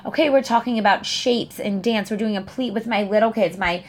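A woman's voice: medium pitch, a little fast. A young adult woman who teaches dance, talking casually with frequent fillers and restarts. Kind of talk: casual chat.

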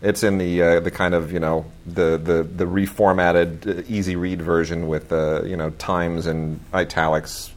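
A man's voice: sits low, flat delivery, moderate pace, few pauses. A middle-aged man hosting a casual chat about new releases, rambling with many fillers and restarts, gushing with enthusiasm. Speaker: host.

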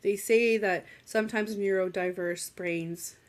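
A woman's voice: mid-range voice, steady tone, a little slow. A woman speaking as a guest in a casual podcast conversation, chatty and thinking aloud with many asides. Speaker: guest, business systems consultant.

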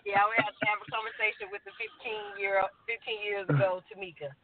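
A woman's voice: medium pitch, steady tone, quick pace, a loud crowd. A middle-aged woman singer talking candidly about her song in a radio phone interview, laughing often and getting emotional. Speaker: guest singer. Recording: tinny phone line.

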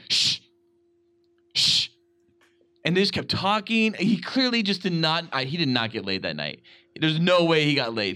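A man's voice: a little high, sharp tone, clear, resonant tone. A man co-hosting a podcast in casual chat, ranting and swearing as he acts out other people. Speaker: podcast co-host.

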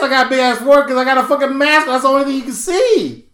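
A man's voice: extremely high pitch, rapid-fire. A man co-hosting a casual comedic podcast, telling stories and acting out what people said, swearing and laughing a lot. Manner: animated storyteller, acts out quotes, swears, laughs often. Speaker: podcast co-host. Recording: echoey room.

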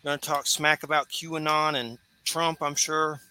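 A man's voice: a little high, little pitch movement, measured pace, sharp tone, smooth. A man, hosting a radio talk show in a loose, rambling way with easy laughs. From Georgia, US. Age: 40s. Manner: loose and chatty, laughs easily, rambling asides.

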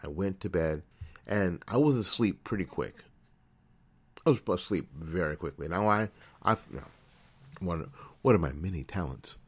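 Deep-voiced middle-aged man telling a story. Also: animated, normal speed, pauses often, breathy edge. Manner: storytelling, repeats phrases, self-corrects. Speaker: internet radio show host. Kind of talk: casual monologue. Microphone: studio microphone.

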